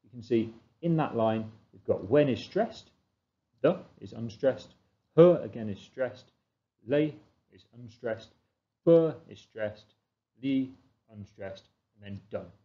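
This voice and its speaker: A man's voice: medium pitch, expressive, slow pace, lo-fi sound. A man explaining a literature text in a revision lesson, asking questions and answering them himself. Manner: explanatory, asks and answers his own questions. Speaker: teacher.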